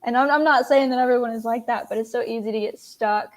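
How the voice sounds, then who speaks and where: A woman's voice: on the high side, fast. A woman speaking candidly and with self-deprecation in a casual faith-based conversation.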